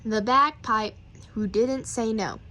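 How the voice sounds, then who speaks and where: A woman reading children's poems aloud, with playful, rhythmic and expressive delivery. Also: fairly high pitch, takes it slowly, poor audio. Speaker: reader.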